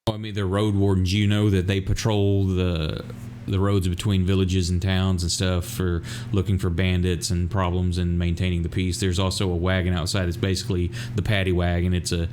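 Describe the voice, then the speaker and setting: A man narrating as dungeon master of a tabletop game, halting and searching for words with many fillers. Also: sits low, little pitch movement, darkish tone, a little hiss or hum.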